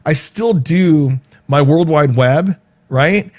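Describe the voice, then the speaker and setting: A man's voice: fairly high pitch, slow pace, darkish tone. A middle-aged man hosting his own vlog, talking in a loose, rambling way with many fillers and restarts. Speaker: vlog host. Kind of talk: casual rambling monologue.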